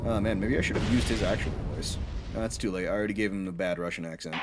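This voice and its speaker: A man's voice: low voice, fast talker, faint music behind. A young man casually commenting on a game he is playing, loose and rambling, with swearing and fillers. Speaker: let's play commentator.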